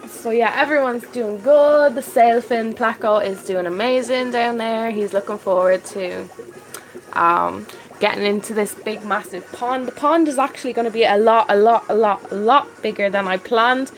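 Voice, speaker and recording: A woman from Ireland with a Dublin accent, chatting casually on a live stream and answering viewer comments with excited warmth. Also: on the high side, moderate pace, faint music behind, rough recording. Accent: Dublin Irish. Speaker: fish-keeping live streamer.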